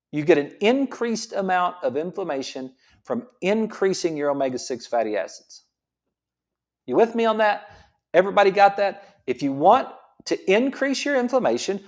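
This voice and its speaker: Middle-aged chiropractor guy lecturing about health, fairly high voice, keeps repeating stuff and asking the crowd "right?". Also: darkish tone. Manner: repetitive, emphatic, full of rhetorical questions. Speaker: chiropractor host.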